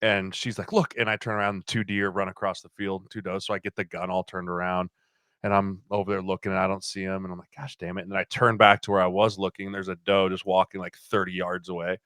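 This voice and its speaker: A man in his thirties tells stories on a podcast. He acts out what other people said, and his voice sits fairly low but comes across bright and forceful. The sound is dry and close. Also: fast, clean tone, no echo. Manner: animated storyteller, acts out quotes. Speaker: podcast guest. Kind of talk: casual chat.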